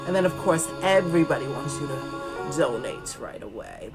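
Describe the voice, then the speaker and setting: A woman's voice: low voice, animated, moderate pace, loud music behind the voice. A woman hosting a casual vlog, reading web text aloud and chatting with asides to viewers in a playful put-on accent. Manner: chatty, talks straight to the viewers and to the candidate. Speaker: host.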